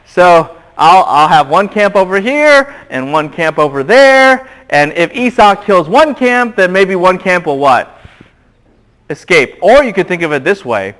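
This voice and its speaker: A man giving a classroom Bible lecture, animated and quizzing the students with questions. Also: sits high, a little slow.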